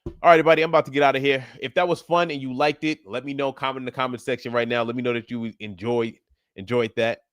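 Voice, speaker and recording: A man's voice: medium pitch, fairly even intonation, quick pace, no room sound. Laid-back man coaching on a live stream. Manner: laid-back, encouraging, laughs often. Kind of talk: casual livestream chat.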